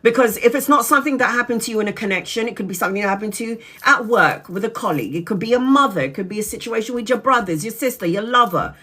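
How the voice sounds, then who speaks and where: A woman's voice: a little high, lively intonation, fast, few pauses, sharp tone. A woman in her forties giving a live tarot reading, frank and direct, who swears casually as she talks to the viewer. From Brazil. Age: 40s. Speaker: tarot reader.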